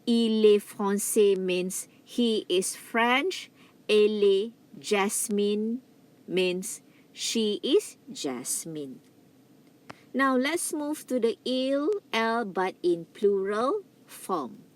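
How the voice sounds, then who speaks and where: Slow, lively woman teaching French. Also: medium pitch. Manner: slow, repeats French words with careful stress. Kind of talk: classroom lecture.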